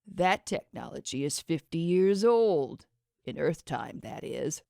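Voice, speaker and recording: A woman voicing a smooth, condescending male schemer who talks others into his plans. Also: low voice, lively intonation, slow pace, darkish tone, no room sound, clean studio sound, full character voice. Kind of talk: audiobook character voice.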